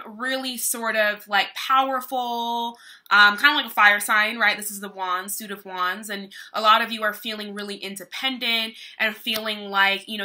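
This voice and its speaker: A woman's voice: mid-range voice, bright, forceful tone. A young woman doing a casual, chatty tarot reading, talking in a meandering way with lots of fillers. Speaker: tarot reader.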